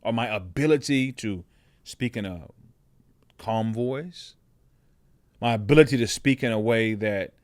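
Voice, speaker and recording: A podcast host with a heavy, lowish voice speaks unhurriedly and pauses often, with no room sound in the recording. He thinks aloud through a reflective personal monologue in a conversational tone, checking in with "right?" and frequently restarting and repeating his words.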